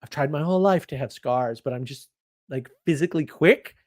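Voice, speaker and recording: A man hosting a casual livestream, chatting and reacting to viewer comments in a rambling, opinionated way, often getting louder or dropping suddenly to a mutter. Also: fairly high pitch. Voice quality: rambling, opinionated, quick shifts in loudness. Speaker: livestream host.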